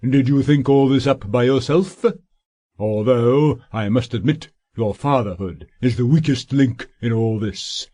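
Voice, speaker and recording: A man voicing a fat, pompous, scheming middle-aged male solicitor in an audiobook, talking in a drawn-out, sanctimonious way. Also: medium pitch, dark tone, lightly acted.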